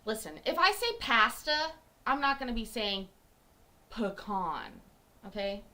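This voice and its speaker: A woman's voice: a little high, expressive, unhurried, bright, forceful tone. A woman from Canada chatting casually and joking with her live-stream viewers. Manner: chatty, joking, laughs often.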